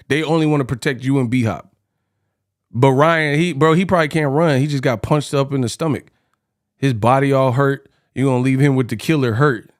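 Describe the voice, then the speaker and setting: A man hosting a boxing commentary channel, reacting in a slangy, mocking, incredulous way. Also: medium pitch.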